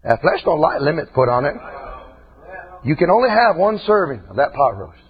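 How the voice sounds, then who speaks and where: A male preacher delivering a raspy, impassioned sermon, swinging between shouts and low asides. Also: very animated, moderate pace. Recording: dull lo-fi recording.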